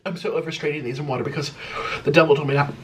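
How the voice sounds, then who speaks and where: A man's voice: fairly high pitch, steady tone, rapid-fire, far from the mic, slight background noise. Dramatic man whining over spicy noodles. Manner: dramatic, whiny complaining about spice. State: mouth burning from spicy food, struggling to talk. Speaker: mukbang vlogger. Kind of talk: casual eating vlog chatter.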